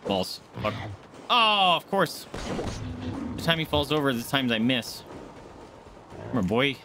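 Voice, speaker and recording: A man streaming a game and commenting live, excitable, yelping and swearing as he plays. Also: medium pitch, moderate pace, noisy background. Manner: excitable, yelps and swears mid-fight. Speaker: gaming streamer.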